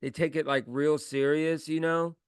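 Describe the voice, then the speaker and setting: A man's voice: on the high side, level tone, moderate pace, smooth, no echo, clean studio sound. A man hosting a podcast in casual chat, rambling and filling his talk with "like". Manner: rambling, lots of "like" and laughs. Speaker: podcast host.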